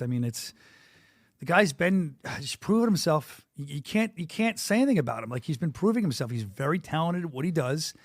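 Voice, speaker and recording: Fast-talking enthusiastic male podcast host. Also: on the high side, no room sound, clean studio sound. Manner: quick, enthusiastic, rambling with restarts. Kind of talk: casual podcast chat. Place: studio.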